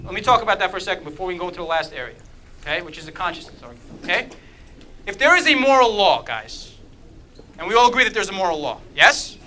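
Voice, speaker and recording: High-voiced, bright man quizzing a group. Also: fast, slight background noise, rough recording. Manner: quizzes the audience with frequent "okay?"; lively and animated, with a playful humor. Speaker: speaker leading a church group talk. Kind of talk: interactive apologetics talk.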